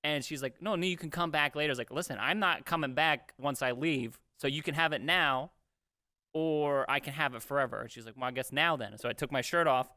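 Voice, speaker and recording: A young man and podcast co-host telling a story in casual chat, animated and swearing freely as he acts out what others said. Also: medium pitch, brisk, no room sound, clean studio sound.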